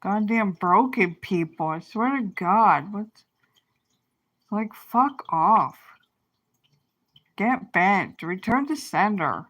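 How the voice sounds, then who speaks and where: A woman on a livestream venting at length, swearing freely and circling back on herself mid-sentence. She talks at an unhurried, dragging pace, with a voice that sits at an ordinary middle pitch. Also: fairly bright tone. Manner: profane, rambling, venting with frequent restarts. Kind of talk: angry livestream rant.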